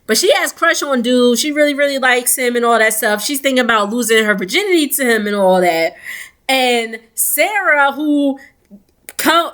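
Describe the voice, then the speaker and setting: A woman chats through a recap, slipping into little quoted voices and laughing as she goes. Her voice sits on the high side and sounds bright and forward, and she talks slowly, taking her time. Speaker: reality TV recap vlogger. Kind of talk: casual chat.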